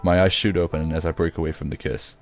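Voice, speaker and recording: A man with a very low, deep voice reads his own first-person story aloud. The delivery is amateur, with occasional stumbles and restarts. Faint music plays behind him. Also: level tone, fast talker. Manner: occasional stumbles and self-corrections. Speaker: reader.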